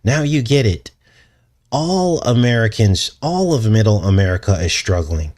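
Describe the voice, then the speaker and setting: A man with a fairly low voice hosts a casual livestream. He rambles from point to point, chuckles often and speaks straight to viewers in the chat. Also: big pitch swings, normal speed, a little mellow. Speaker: channel host.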